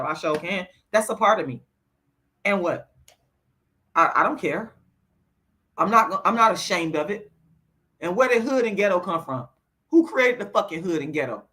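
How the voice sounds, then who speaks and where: A woman's voice: on the low side, fairly bright tone. A woman on a livestream answering her chat, moving between lecturing and blunt, profane venting as she gets worked up. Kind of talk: heated livestream rant.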